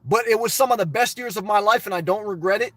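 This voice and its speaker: A man's voice: sits high, fast, a bit bright, no room sound. A man casually reading viewer comments and answering them bluntly, rambling with restarts. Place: lives in his car.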